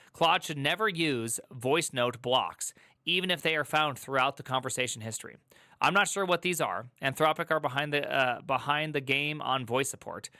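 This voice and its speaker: A man's voice: mid-range voice, bright, forceful tone, dry recording, clean studio sound. A man on a tech stream reading an article aloud and breaking off into joking asides. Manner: reads aloud with quick asides and joking rants. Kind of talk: casual reaction stream.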